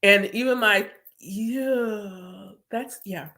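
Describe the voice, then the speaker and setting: Woman spiritual reader chatting to viewers, emphatic, says stuff twice, mid pitch. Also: drawn-out words, bright, forceful tone. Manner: chatty, emphatic, repeats herself. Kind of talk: casual live chat to viewers.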